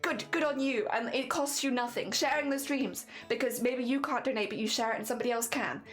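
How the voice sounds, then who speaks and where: A young woman with a fairly high voice talks on a charity livestream, earnest and teary, halting and restarting as she goes. Faint music plays underneath her. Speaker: streamer. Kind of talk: casual charity livestream chat.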